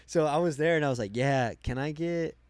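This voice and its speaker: A young man from Arizona, a podcast guest telling travel stories in casual chat, animated and swearing, loudly acting out quoted voices. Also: fairly high pitch, fairly quick, dry recording, studio quality. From Arizona, United States. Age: young adult.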